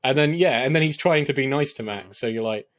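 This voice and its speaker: Animated man with lots of fillers. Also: mid-range voice, a little fast, no room sound, studio quality. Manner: animated, hesitant fillers, acts out quoted lines. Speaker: podcast co-host. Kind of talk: casual film discussion.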